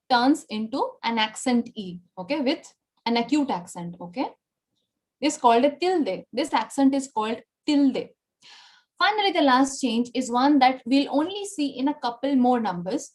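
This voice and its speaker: Teaching Spanish online, a high-pitched woman from India explains things patiently. Nearly every line ends with "okay?" or "right?" to make sure her students are keeping up.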